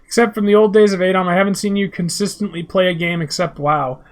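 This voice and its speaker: A man streaming a video game for blind viewers, chatting with his audience in an animated way, with laughter and swearing. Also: high-pitched, fast talker. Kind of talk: live let's-play with chat.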